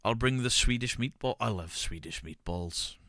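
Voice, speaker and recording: A man's voice: mid-range voice, moderate pace, no room sound, studio quality. A man, streaming and bantering casually with his chat. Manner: banter, reads chat aloud, shouts mock pub-landlord bits.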